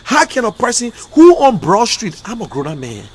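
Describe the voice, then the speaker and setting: A Liberian man delivering an emotional, repetitive political rant as a commentator, swinging between loud outbursts and quiet, subdued stretches. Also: high-pitched, wildly swooping pitch, moderate pace, breathy edge. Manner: emotional, repetitive, rising and falling intensity. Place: in America.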